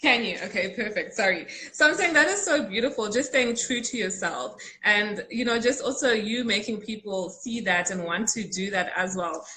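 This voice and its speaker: A woman's voice: medium pitch, normal speed, hardly any pauses, bright, forceful tone, rough recording. A woman hosting a live online interview, asking encouraging questions. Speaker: interview host.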